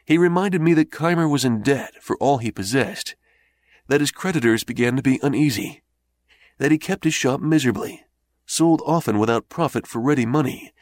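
A man narrating an old first-person memoir in a measured, steady reading voice. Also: medium pitch, no echo. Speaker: audiobook narrator.

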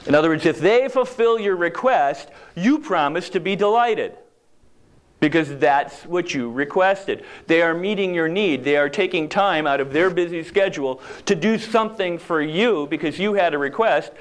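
A man's voice: fairly high pitch, lively intonation, normal speed. A man giving a humorous motivational talk in a conversational, joking way, acting out little quoted exchanges. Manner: conversational, jokey, acts out quoted lines.

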